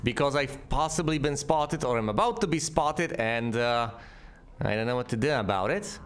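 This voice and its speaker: A man's voice: medium pitch, expressive, moderate pace, a little hiss or hum. Wry man narrating his gameplay. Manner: wry, sarcastic, talks back to enemies. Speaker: let's play host. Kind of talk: gameplay commentary.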